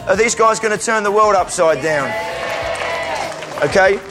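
A man preaching an energetic sermon in church, calling volunteers up and sometimes breaking into shouts. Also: high-pitched, unhurried, music in the background. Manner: energetic, calls out to the crowd, bursts into shouts.

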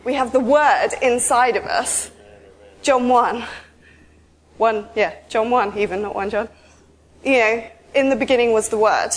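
A woman giving an informal, chatty sermon, telling stories with lively asides. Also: a little high, measured pace, pauses often. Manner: chatty, animated storytelling with asides. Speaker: preacher.

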